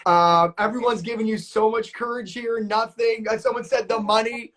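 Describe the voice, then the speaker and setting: A man hosting a live coaching stream, talking in an energetic, hyped-up way full of slang and fillers. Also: high voice, moderate pace. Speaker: notary business coach and live-stream host. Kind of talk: live coaching stream, upbeat casual talk.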